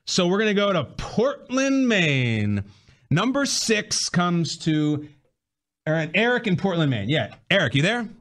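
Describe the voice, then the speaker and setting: Lively high-voiced radio host. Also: male voice, measured pace. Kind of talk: sports talk radio game segment.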